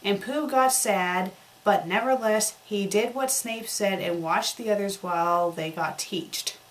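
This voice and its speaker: A woman reading a fan story aloud for comedy, breaking off to mock its spelling and grammar in deadpan asides. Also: mid-range voice, unhurried. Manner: deadpan mocking commentary on spelling errors. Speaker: fanfic critic reading aloud.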